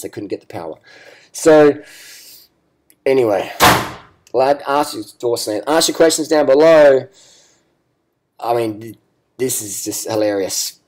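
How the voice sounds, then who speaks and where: A man's voice: mid-range voice, darkish tone. A man ranting bluntly in a casual cycling vlog, swearing and repeating himself. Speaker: cycling vlogger. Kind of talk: ranting video commentary.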